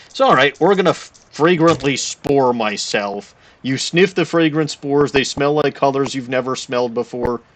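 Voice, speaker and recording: A man's voice: mid-range voice, normal speed, a little hiss or hum. A man streaming a game, chatting casually and rambling to himself as he plays, often correcting his own words.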